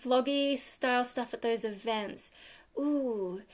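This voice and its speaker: A woman's voice: a little high, slow. A woman from Australia with an Australian accent, chatting casually on a livestream with lots of fillers and giggles. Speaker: livestream host. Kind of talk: casual live chat answering viewers. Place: home room.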